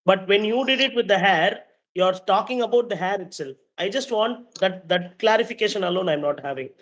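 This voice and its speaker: A man's voice: sits high, fairly quick, fairly bright tone. A man in an acting class asking for clarification, thinking aloud as he speaks. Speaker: acting student.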